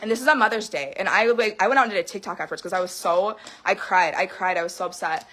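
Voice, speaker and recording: Fast-talking heated woman ranting. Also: mid-range voice, a bit bright. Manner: fast, heated, swearing, with bursts of laughter and tears. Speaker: vlogger. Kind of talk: emotional personal rant to camera.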